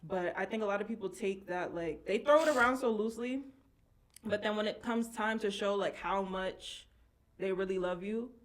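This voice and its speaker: A woman's voice: medium pitch, moderate pace. A woman hosting a casual podcast, talking bluntly and candidly, with frequent swearing. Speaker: podcast host. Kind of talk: casual chat.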